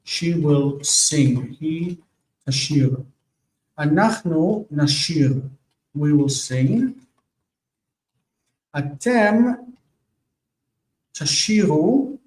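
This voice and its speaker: A man teaching a Hebrew grammar lesson, explaining forms slowly and patiently and checking in with "okay?" as he goes. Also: fairly high pitch, darkish tone. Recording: echoey room, far from mic.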